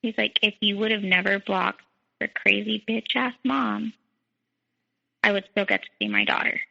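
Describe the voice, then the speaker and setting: A woman's voice: mid-range voice, very animated, moderate pace, vocal fry, bright, forceful tone, big-room sound. A young woman telling her own story as a podcast guest, quoting others in dialogue and saying "like" often. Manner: frequent "like", quotes others in dialogue. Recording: dull lo-fi sound.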